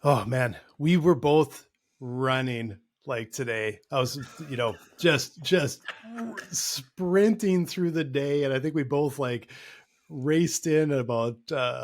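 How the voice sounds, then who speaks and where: Man, podcast co-host, casual chat, relaxed and conversational, mid-pitched voice. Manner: relaxed, conversational with fillers and chuckles.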